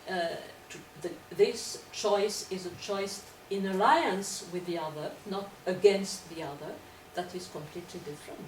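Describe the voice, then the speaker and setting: A woman's voice: mid-range voice, moderate pace, hardly any pauses, a little mellow. A woman lecturer answering questions in an academic discussion, hesitant and repeating words as she searches for her phrasing. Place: lecture hall. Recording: echoey room, distant mic, background noise.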